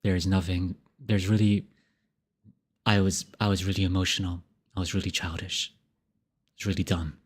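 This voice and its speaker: A man's voice: sits low, little pitch movement, breathy edge, voice pushed down. A man acting out a stammering, remorseful ex. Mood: pleading. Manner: halting, stammering, soft-spoken pleading. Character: remorseful young man begging his ex for another chance.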